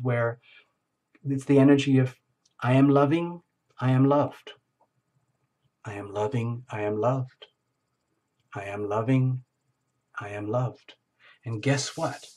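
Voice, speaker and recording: A man's voice: medium pitch, darkish tone. Enthusiastic rambling male tarot reader. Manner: enthusiastic, rambling, repeats phrases. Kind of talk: solo tarot reading to camera.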